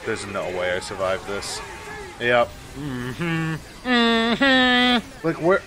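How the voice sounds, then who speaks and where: A man's voice: a little high, drawn-out words. A man giving casual let's-play commentary, exasperated and swearing often as he talks back at the game. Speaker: gaming YouTuber.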